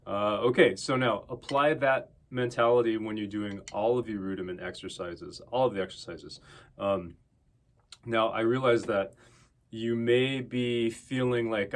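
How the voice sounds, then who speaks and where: A man giving casual, relaxed drum lessons to his students, talking conversationally with plenty of fillers. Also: lowish voice, a little slow. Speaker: drum teacher. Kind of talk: casual instructional talk to students.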